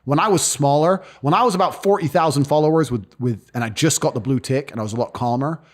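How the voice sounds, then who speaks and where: This interview guest talks fast in a higher voice, bragging and blunt, with plenty of swearing. Throughout the casual conversation he mimics the voices of the people in his stories.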